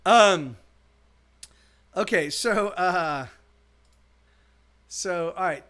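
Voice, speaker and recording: High, bright-voiced rambling man. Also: slow pace, pauses often. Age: adult. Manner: rambling, profane storyteller. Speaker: musician streaming live. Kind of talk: casual chat between songs.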